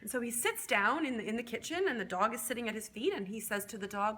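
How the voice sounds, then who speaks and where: A woman professor telling a long joke in an animated storytelling way. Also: fairly high pitch, quick pace, few pauses.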